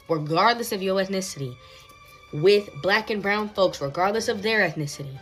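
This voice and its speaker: A woman giving emphatic, lecturing commentary to camera, repeating words for stress. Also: lowish voice. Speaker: social media commentator.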